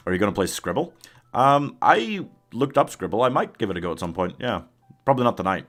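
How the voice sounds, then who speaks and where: A man's voice: low voice, animated, quick pace, faint music behind. A man from the UK chatting on a live gaming stream. He reads viewer messages, laughs a lot, and coughs now and then while ill.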